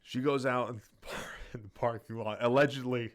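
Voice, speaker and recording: A man's voice: mid-range voice, fairly even intonation, normal speed. A man co-hosting a podcast, telling rambling, profane stories in casual chat and acting out the people in them. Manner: rambling, profane, acts out quotes. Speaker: podcast co-host.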